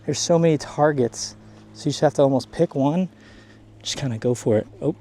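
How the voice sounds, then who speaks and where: A man hosting a fishing vlog outdoors on a muddy shoreline, talking to the camera in an excited, chatty way, hot and a bit winded. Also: a little high, a little fast, a little hiss or hum. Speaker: fishing channel host. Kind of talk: casual outdoor vlog narration.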